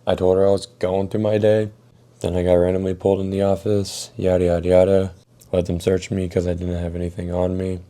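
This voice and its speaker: A man's voice: deep voice, flat delivery, a little fast, mellow. A young man tells a casual storytime vlog in a laid-back, profane way. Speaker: storytime YouTuber.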